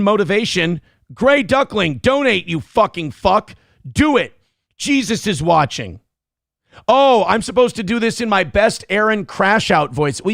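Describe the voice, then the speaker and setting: Irreverent, animated Midwestern morning host. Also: male voice, a little high, dry recording, studio quality. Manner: irreverent, profane, rambling. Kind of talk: casual live-stream talk show.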